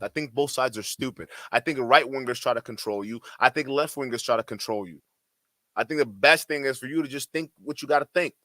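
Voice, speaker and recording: A man's voice: medium pitch, a bit bright, no echo, studio quality. A man hosting a livestream, giving heated, profane commentary in a ranting manner. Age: adult. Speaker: streamer host.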